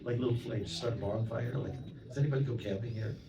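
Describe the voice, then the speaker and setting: A man's voice: medium pitch, steady tone, quick pace, background noise. A man from Canada, a monk giving a storytelling lecture to a temple audience, chatty and anecdotal, often asking the room questions. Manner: chatty, anecdotal, with many "you know" asides and audience questions. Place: temple hall. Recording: roomy hall, mic at a distance, audience present.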